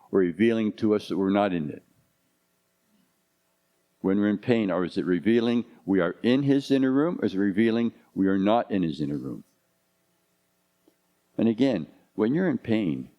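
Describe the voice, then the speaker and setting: A man's voice: on the low side, warm tone. A man in his fifties, a pastor preaching a conversational sermon full of rhetorical questions.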